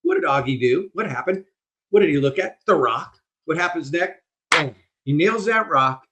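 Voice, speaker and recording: An older man with a fairly high voice tells his stories with real animation. He leans into every vivid detail, the way a guest does in a lively podcast interview. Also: moderate pace, muffled recording, noisy background. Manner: animated storyteller, vivid delivery. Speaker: guest speaker.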